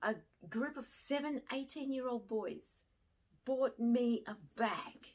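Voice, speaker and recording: A middle-aged woman from Australia telling a personal story to camera, swinging from hushed to excited. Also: on the high side, slow pace. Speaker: fashion vlogger and former teacher.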